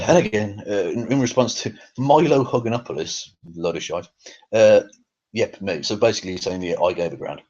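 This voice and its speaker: A man's voice: on the low side, moderate pace, darkish tone, dull audio. A man in a sweary, angry rant as a commentator, with many ums and uhs. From England. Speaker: YouTube commentator. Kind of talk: ranting commentary on a feud.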